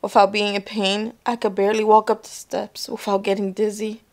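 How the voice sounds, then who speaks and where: Young woman vlogger, gravelly, in pain and worn out, blunt slangy talk with swearing, home recording. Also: medium pitch, flat delivery, moderate pace, a little mellow. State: in pain after surgery, worn out. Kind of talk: casual chat to camera.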